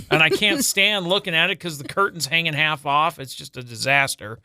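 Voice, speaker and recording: Radio guy, forties, super bright slightly high voice, acts out his stories, dry studio sound. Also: fairly quick, few pauses, smooth, dry recording. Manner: animated storyteller, acts out voices in quotes. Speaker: radio morning show co-host. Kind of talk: casual on-air banter.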